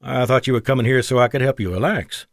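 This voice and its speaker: A man's voice: medium pitch, fast talker, gravelly, no echo, studio quality, close to an everyday voice. A man voicing an affectionate male fighter pilot who jokes his way past questions, in an audiobook. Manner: wry, joking.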